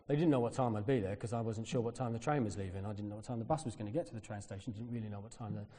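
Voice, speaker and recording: A man's voice: lowish voice, racing, long reverb tail. A man preaching a sermon, telling a personal story and acting out the people in it. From Britain. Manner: storytelling, animated when quoting others.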